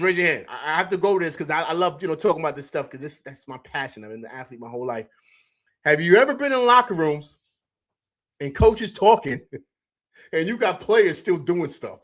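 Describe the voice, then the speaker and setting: Reading viewer comments from the chat, this man hosts a relaxed live sports talk stream, rambling, repeating himself and laughing often. He speaks with a fairly high, slightly bright voice.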